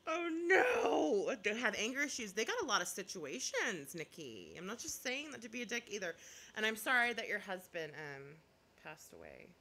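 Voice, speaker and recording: Blunt, animated woman chatting live. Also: medium pitch, normal speed. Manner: blunt and opinionated, laughs often, apologizes half-jokingly. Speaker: YouTuber. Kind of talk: casual live chat reading viewer comments.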